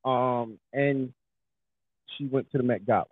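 A man's voice: medium pitch, unhurried, dry recording. A man co-hosting a podcast, chatting casually and hyping up his lines. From New York. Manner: animated, hypes up his lines. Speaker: podcast co-host. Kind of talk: casual chat. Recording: husky voice over a tinny phone-like line.

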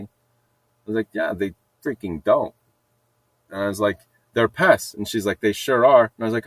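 Fairly low in pitch and brisk, with no room sound, a middle-aged man hosts a podcast and tells a rambling, casual story. He goes over the same things again and chuckles at his own jokes.

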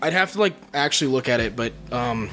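A man's voice: medium pitch, animated, fast talker, fairly bright tone, soft background music. A man hosting a casual podcast, rambling and hesitant, with a lot of profanity.

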